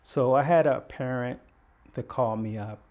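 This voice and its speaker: This is a retired detective from Baltimore, USA, an older man who spins conversational yarns as a guest and voices the characters' lines vividly. He speaks in a mid-range, darkish voice at a moderate pace.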